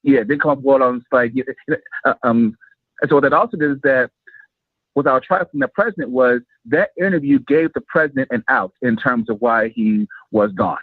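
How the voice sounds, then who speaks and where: A man's voice: medium pitch, animated, brisk, no room sound. A man calling into a show, talking hesitantly with many fillers. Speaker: caller. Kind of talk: call-in opinion. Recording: tinny phone line.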